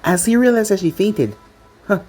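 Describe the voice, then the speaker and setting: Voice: medium pitch, big pitch swings, fast, mellow, breathy edge, faint music behind. A reader casually reading a fan fiction story aloud, stumbling over words now and then.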